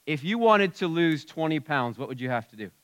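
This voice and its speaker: In a church sanctuary, a pastor preaches conversationally, frequently dropping and raising his volume. His slightly high voice swings widely in pitch and moves fairly quickly, sounding clear and resonant in a dry recording.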